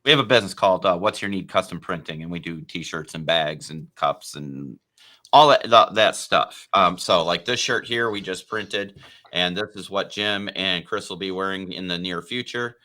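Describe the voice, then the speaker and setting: Bright deep-voiced man chatting. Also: normal speed. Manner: rambling, animated, lots of fillers. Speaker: podcast host. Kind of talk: casual podcast chat.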